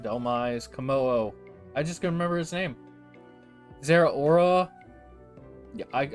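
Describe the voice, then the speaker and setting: A young man livestreaming, reading names aloud and reacting in an animated, chatty way. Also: medium pitch. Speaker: streamer. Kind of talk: casual livestream chat.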